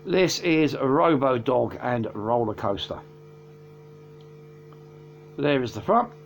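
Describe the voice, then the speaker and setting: A man's voice: mid-range voice, animated, takes it slowly, slight background noise. Rambling man reviewing albums. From England. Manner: rambling, hesitant with many fillers and self-corrections. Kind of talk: casual chat.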